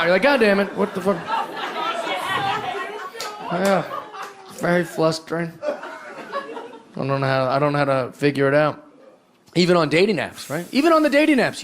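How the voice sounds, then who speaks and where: A man performing stand-up into a handheld stage mic, his voice pitched a touch high and swooping all over. He is profane and acts out the other people in his stories. A crowd laughs loudly around him. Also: background noise. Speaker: stand-up comedian. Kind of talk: stand-up comedy set. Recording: audience laughter throughout.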